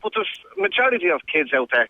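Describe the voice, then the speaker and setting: A man with an Irish accent calling into a radio show, halting and repeating words, speaking bluntly. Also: on the high side, very animated, no echo. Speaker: radio caller. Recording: tinny phone line.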